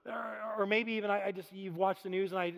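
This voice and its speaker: A man in his thirties preaching a sermon, telling stories in an animated, self-deprecating way with frequent laughter. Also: sits high, quick pace, vocal fry. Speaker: pastor. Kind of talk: storytelling sermon. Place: church sanctuary. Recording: reverberant church hall.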